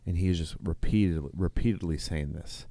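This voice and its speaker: Telling a long, meandering tale full of restarts and quoted lines, this middle-aged nurse and podcast co-host speaks in a low, warm voice at a moderate pace. The recording is dry.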